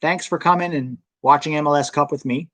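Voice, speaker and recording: Young man from the US, live stream host, chatty, fairly high voice, dry close sound. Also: fairly quick, fairly bright tone, dry recording. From United States. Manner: chatty, reading viewer comments aloud. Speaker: soccer channel host. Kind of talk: casual live stream chat.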